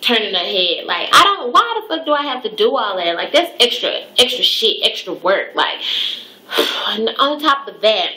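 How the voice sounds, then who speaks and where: A woman's voice: fairly high pitch, very animated, moderate pace, bright, forceful tone. A young woman, a cosmetology student, telling a profane, exasperated story in a casual rant. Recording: echoey room.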